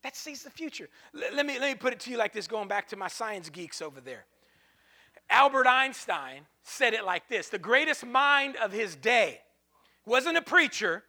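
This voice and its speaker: A man preaches in a church with a very high, keen and piercing voice. He swings from soft, hushed lines to sudden shouted peaks, repeating phrases for the congregation. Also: very animated, normal speed. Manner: repetitive call-and-response phrasing. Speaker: pastor. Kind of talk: sermon.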